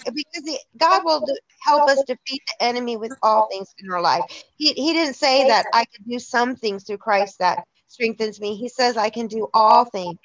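Chatty high-voiced woman leading Bible study. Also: fairly bright tone, no room sound. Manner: chatty, laughing, restarts often. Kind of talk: casual church study talk. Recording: dull lo-fi dry sound.

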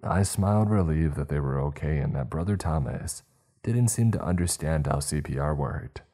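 A man's voice: very deep voice, expressive, moderate pace, dark tone, faint music behind. A man narrating a scripted horror story with dry, wry humour.

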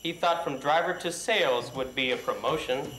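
A man reading a rhyming holiday poem in a steady, measured way for a company video. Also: mid-range voice, slight background noise. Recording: echoey room.

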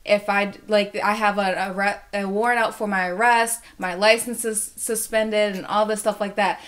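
Young adult woman for a casual storytime video, rambling and excitable delivery. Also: mid-range voice, moderate pace, hardly any pauses. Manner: rambling, filler-heavy, excitable.

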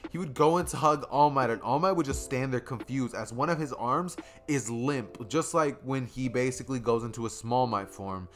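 A man's voice: medium pitch, normal speed, hardly any pauses. A young man narrating a fan story in a casual, rambling storytelling style with repetitive phrasing. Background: faint music.

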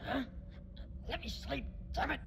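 A man's voice: a little slow, a bit bright, close to an everyday voice. A man voicing a drowsy drunk bar patron in a video game, slurring and grumpy. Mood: drunken.

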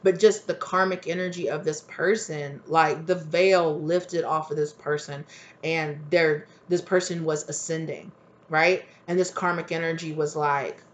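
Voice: mid-range voice, steady tone, measured pace, dull audio. A tarot reader giving a casual, rambling reading, repeating phrases and leaning on "like" and "right?". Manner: rambling, repetitive, full of "like" and "right?".

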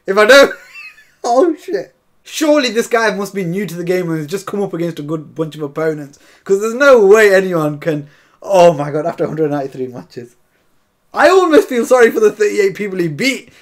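A man giving excitable, chatty commentary over a football video game, often calling to his viewers as lads. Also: sits high, brisk. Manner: chatty, keeps calling viewers lads, bursts into shouts and laughs. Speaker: gaming YouTuber.

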